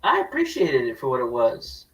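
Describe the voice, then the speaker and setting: Measured man, a bit off-mic. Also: mid-range voice, huge pitch swings, fairly bright tone, far from the mic, poor audio. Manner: measured, explanatory. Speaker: podcast co-host. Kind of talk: casual chat.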